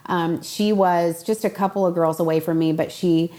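Young woman guest, earnest storyteller, lowish pitch, casual interview talk. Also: fairly even intonation, moderate pace, warm tone. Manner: earnest storytelling, acts out quoted voices.

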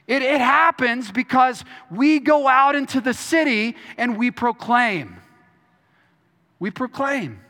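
A man's voice: extremely high pitch, bright, forceful tone. A man from Texas preaching a sermon as pastor, earnest, often repeating words and restarting his phrases. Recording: long hall reverb.

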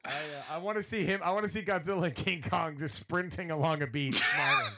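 A man's voice: sits high, fast talker, very noisy. A man co-hosting a casual podcast chat, talking in a profane, emphatic way and riffing with laughter. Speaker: podcast co-host.

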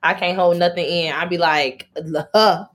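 A woman chatting casually, expressive, emphatic and playful. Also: on the low side, normal speed. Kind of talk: casual chat.

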